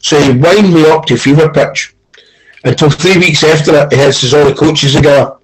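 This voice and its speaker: A Scottish man talks football in a casual chat. His voice sits a little higher than most men's. He tells stories with energy and acts out the arguments he recounts. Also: moderate pace, poor audio. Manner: animated storyteller, acts out quoted arguments, swears. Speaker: football pundit, former coach.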